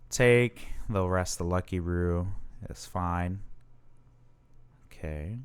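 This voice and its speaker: A man's voice: lowish voice, clear, resonant tone. A man hosting his channel, casually commenting on his own card game match and thinking aloud with fillers and self-corrections.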